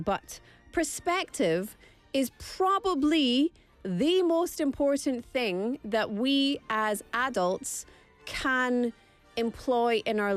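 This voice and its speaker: A woman's voice: high-pitched, dry recording. A woman hosting a casual vlog segment, talking in a playful, thoughtful way and stretching words for emphasis.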